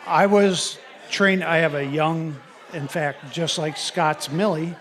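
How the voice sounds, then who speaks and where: A man from the audience telling a rambling, animated story during a live podcast recorded at a brewery. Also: on the high side, slow. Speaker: audience member asking a question. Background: crowd noise.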